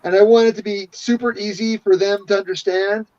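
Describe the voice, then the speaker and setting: An eager man with a high voice chats about tabletop games with animated enthusiasm. The recording sounds dull and muffled. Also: fairly quick. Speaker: podcast panelist.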